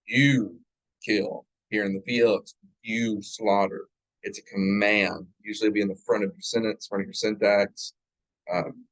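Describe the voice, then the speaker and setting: Low-voiced man teaching a grammar class. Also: dry recording, low-quality recording. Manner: drills paradigms aloud, checking in with "right?". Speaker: Hebrew teacher. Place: church classroom. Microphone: live class recording.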